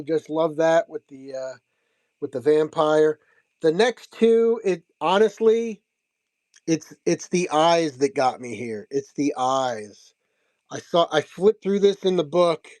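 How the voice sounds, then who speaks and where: A man's voice: a little high, a little mellow, no echo. A man casually showing off signed comics and prints, chatting and laughing as he tells the story, often repeating himself. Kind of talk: casual show-and-tell recap.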